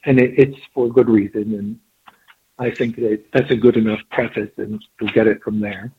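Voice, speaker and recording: A man, an author and guest, explaining and then reading his own story aloud in a measured way. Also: lowish voice, steady tone, slightly rough. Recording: tinny phone line.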